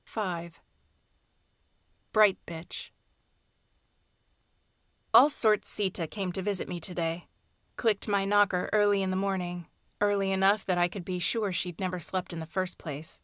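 A woman narrating a short story aloud in a soft, hushed, measured reading. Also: medium pitch, fairly even intonation, no room sound, studio quality. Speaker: audiobook narrator. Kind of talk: scripted fiction narration.

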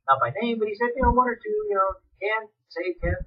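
A man preaching a fiery sermon on the radio, swinging from shouted pleas to hushed, dramatic asides. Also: high-pitched, fairly quick, hardly any pauses, far from the mic, dull audio.

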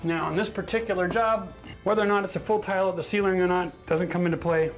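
A man's voice: high-pitched, steady tone, fast talker, soft background music. A man with a chatty, self-mocking manner who laughs often, teaching a casual DIY tiling tutorial on a bathroom job site. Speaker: renovation instructor.

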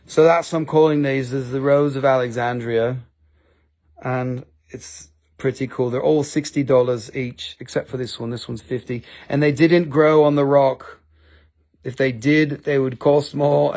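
A man with an Appalachian accent sells crystals on a live stream, rambling in casual chat, joking about himself and swearing freely. His voice is medium-pitched and a little mellow.

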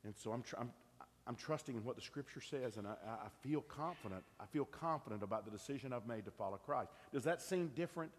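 A man's voice: medium pitch, lively intonation, fast, long reverb tail, a little hiss or hum. A middle-aged man, preaching an earnest, conversational sermon and asking his congregation questions. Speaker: pastor. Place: church sanctuary.

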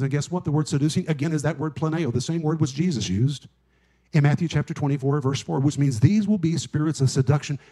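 A middle-aged male pastor preaching a sermon, with emphatic stress and drawn-out key words. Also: a little high, warm tone, husky, low-quality recording.

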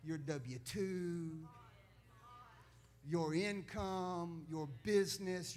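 Male pastor, high pitch, storytelling sermon that climbs to shouted emphasis. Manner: storytelling with laughs, rising to loud preaching.

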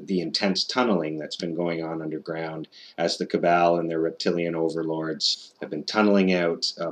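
A man giving a skeptical, sardonic commentary, with frequent "uh" fillers and restarts. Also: sits low. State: out of breath.

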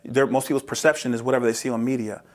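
This man, a roofing business owner from New Jersey in the USA, rattles off stories very fast in a mid-range voice during an animated interview. He plays out conversations in lively character voices and laughs a lot.

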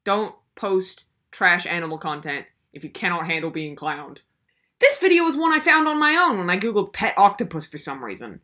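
A woman's voice: fairly low pitch, big pitch swings, moderate pace, pushed and bright. A young woman hosting a comedic commentary video, ranting in a sarcastic, exasperated way. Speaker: video host.

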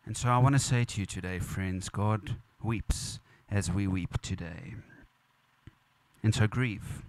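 A man's voice: fairly low pitch, unhurried, a little mellow, dry recording. A man preaching at a funeral as pastor, earnest and repetitive, building emphasis. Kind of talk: funeral sermon. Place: church or funeral venue.

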